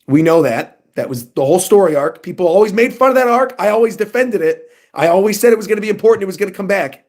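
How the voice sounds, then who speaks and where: Excitable man reacting to manga live. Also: high voice, fast talker. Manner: excitable, animated, reads lines in funny voices. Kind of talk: casual livestream reaction, reading manga aloud.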